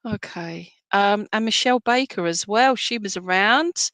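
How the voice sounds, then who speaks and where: Here a medium at a live-streamed church service gives spirit readings in a fairly low, fairly bright voice, at a moderate pace with few pauses. She sounds affectionate and comforting, frequently asking "all right?" The audio is dry.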